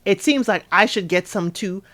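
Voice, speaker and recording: A woman giving a casual recap of a reality show, chatty and animated, acting out quotes with asides to listeners. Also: mid-range voice, moderate pace. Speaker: recap podcaster.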